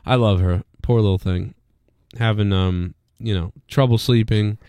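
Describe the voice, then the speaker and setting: A man's voice: on the low side, fairly even intonation, measured pace, dark tone, smooth, no room sound. Man, livestream host, rambling and profane, dry close sound. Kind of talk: casual wrestling chat.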